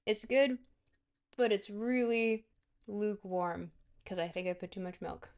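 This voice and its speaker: A woman's voice: mid-range voice, measured pace. Woman streamer, mid-range voice, rambling and jokey, speaking casually to her chat. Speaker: livestream host.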